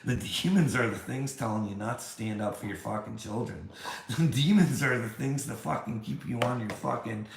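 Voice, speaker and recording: A man's voice: mid-range voice, normal speed, gravelly, reverberant. A man ranting at a critic, combative, firing rhetorical questions, swearing and repeating "bud" and "you know what I mean". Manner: swears a lot. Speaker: video creator ranting at a critic. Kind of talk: confrontational rant.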